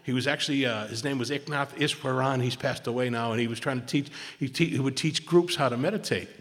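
A man's voice: medium pitch, fast talker. Man telling a recovery story in a hall. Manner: animated storyteller, dropping to a hushed voice for quotes; frequent restarts and repeated words. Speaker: recovery meeting speaker. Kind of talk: personal recovery story told to a meeting. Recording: long hall reverb.

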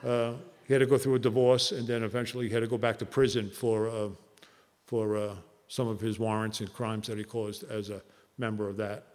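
A man's voice: fairly low pitch, flat delivery, darkish tone. Earnest man telling a recovery story. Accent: New Jersey. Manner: earnest, halting with many fillers. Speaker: recovery meeting speaker. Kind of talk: personal storytelling talk. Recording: long hall reverb.

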